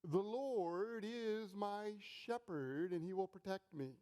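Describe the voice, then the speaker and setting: A stubborn man stuck on a flooded roof, turning down help with self-assured insistence, as a preacher acts him out in a sermon joke. The voice sits fairly high and the refusals come slowly and deliberately. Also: darkish tone, smooth.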